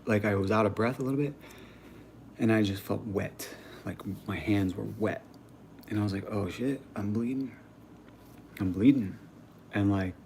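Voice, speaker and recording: A young man hosting a livestream, telling a personal story in casual chat, animated and slangy, with some swearing. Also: fairly low pitch, slight background noise. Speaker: livestream host. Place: home.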